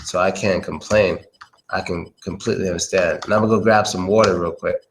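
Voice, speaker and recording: A man's voice: deep voice, fairly even intonation, brisk, gravelly, a little hiss or hum, rough recording. An American man giving a casual, chatty English pronunciation lesson, often repeating his phrases. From United States. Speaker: English teacher. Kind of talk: casual live-stream lesson.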